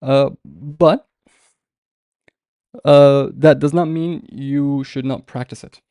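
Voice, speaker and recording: A man with a gravelly, mellow voice teaches a live online class. He explains patiently and step by step, pausing often. The sound is dry and close. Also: mid-range voice, steady tone, no room sound. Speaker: Arabic teacher.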